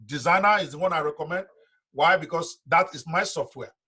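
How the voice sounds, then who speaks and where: Husky emphatic man teaching a class. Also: a little high, a little fast, sharp tone. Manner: emphatic, talks straight to students. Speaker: online business instructor. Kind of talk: live training lecture.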